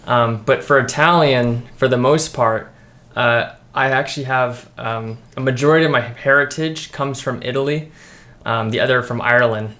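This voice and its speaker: A young man from the United States, a guest in a casual chat with a friend. He talks in a relaxed way with a mid-range voice, though he hesitates often and restarts his sentences. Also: medium pitch, moderate pace. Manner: hesitant, many ums and restarts.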